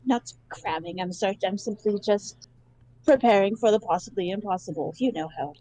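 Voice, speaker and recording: A woman's voice: medium pitch, moderate pace, dark tone, no echo, lightly acted, rough recording. A woman playing a nervous young male sorcerer student who rambles anxiously in a tabletop game. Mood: flustered. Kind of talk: tabletop role-play.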